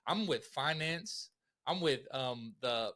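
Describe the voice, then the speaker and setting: A man with a bright, forceful voice tells his own story as a podcast guest. He talks casually, with slang, frequent laughs and lively acted-out dialogue. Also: mid-range voice, slow. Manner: animated, slangy, acts out quotes, laughs often.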